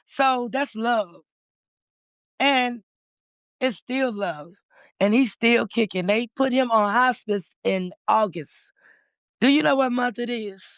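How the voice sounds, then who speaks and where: A woman's voice: fairly high pitch, slow, pauses often, dry recording, clean studio sound. A woman, a community organizer telling her story as a guest in a casual interview, candid and emotional with many restarts.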